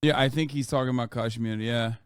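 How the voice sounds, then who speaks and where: A male streamer host speaks calmly in casual conversation. His voice sits mid-range and sounds smooth and clear, and he explains things plainly. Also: medium pitch, fast.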